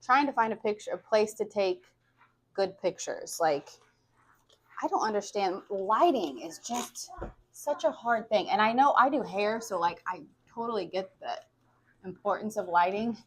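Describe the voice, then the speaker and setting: A husky, animated woman of medium pitch talks at a measured pace. She's in her forties and vlogs candidly and chattily, with frequent profanity and filler words.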